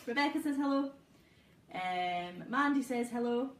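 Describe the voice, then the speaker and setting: A woman co-hosting a casual live stream at home, briskly reading out viewer comments with a teasing manner. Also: a little high, expressive. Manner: brisk, teasing, reads names and comments aloud. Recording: roomy echo, voice a bit far from the mic, faint background hiss.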